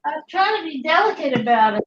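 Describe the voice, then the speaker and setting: A woman's voice: sits high, big pitch swings, fairly quick, slight background noise. A woman hosting a casual livestream, chatty, giggly and rambling, on dry, slightly dull audio. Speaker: livestream host.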